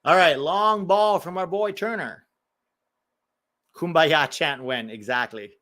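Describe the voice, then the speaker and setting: A man's voice: a little high, slow pace, sharp tone. An American man hosting a live match watch-along, chatting casually with a sarcastic, riffing manner between reactions to the game.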